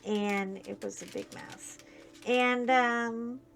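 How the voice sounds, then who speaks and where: A woman chatting casually while she crafts, telling a long story in a rambling, animated way, full of fillers and restarts. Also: on the high side, slow, vocal fry, soft background music. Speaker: crafting channel host.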